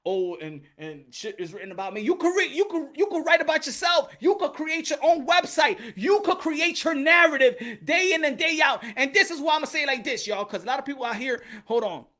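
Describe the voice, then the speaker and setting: A man's voice: very high-pitched, fairly quick, few pauses. A man, giving a casual, swearing, laughing monologue as a boxing commentator. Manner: loud, animated, laughs often, swears.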